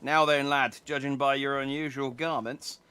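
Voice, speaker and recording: Here a man voices a friendly middle-aged merchant from a game, putting on a rustic English accent and a homely, drawling delivery full of dropped letters. His mid-range voice is steady, moderately paced, pushed and bright, clean and natural.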